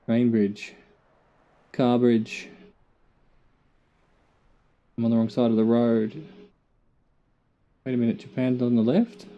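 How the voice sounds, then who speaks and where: Mellow-voiced middle-aged Australian man. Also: mid-range voice, highs cut off. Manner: muttering to himself, dry self-mocking jokes. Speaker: gamer. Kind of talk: casual gameplay commentary.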